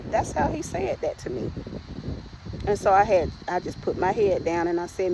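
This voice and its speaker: A woman's voice: medium pitch, very animated, normal speed, creaky, very noisy. A woman hosting a podcast and telling her personal testimony in a conversational way, often speaking to listeners as "y'all" and restarting her sentences.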